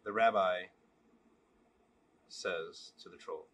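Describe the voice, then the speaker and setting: A man vlogging, telling a long joke and then talking candidly in a relaxed, casual way. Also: fairly low pitch, normal speed, pauses often, husky. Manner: relaxed, candid, repetitive storytelling. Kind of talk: joke storytelling and casual reflection.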